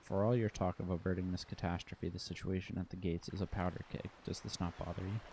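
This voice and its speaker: Guy doing a dry by-the-book cop lieutenant, low and gravelly, flat as can be. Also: fast, a little hiss or hum. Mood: terse. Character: dry, methodical male police lieutenant.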